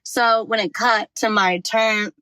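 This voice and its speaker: A woman podcast host telling a story in a casual monologue from her car, talking fast and out of breath, with frequent swearing. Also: medium pitch, steady tone, sharp tone, no echo, low-quality recording. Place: parked car.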